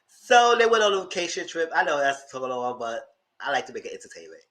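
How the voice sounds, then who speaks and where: High, lively man dishing TV gossip. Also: fast. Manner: gossipy and dramatic, talks to the audience as "girl". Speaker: TV recap vlogger. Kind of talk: casual reality-TV recap commentary.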